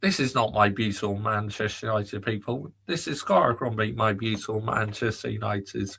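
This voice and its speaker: A man hosting a live football chat, reading out viewers' comments and firing back with exasperated rants. His voice sits a little low but sounds bright and sharp. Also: normal speed, creaky, breathy edge. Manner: exasperated, reads out viewer comments and answers them. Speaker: football channel host. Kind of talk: live chat reaction rant.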